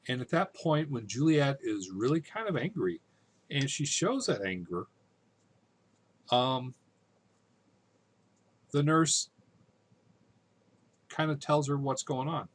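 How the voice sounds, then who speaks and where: A man's voice: medium pitch, sing-song, takes it slowly, long pauses, husky. A man teaching a literature lesson in a casual, conversational way, often checking in with his listeners.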